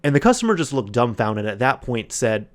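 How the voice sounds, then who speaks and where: A man hosting a solo podcast, telling a long anecdote in a casual, animated way, acting out the other people's lines and often restarting his sentences. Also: medium pitch, a little fast. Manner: animated retelling with quoted voices, frequent restarts. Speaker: podcast host.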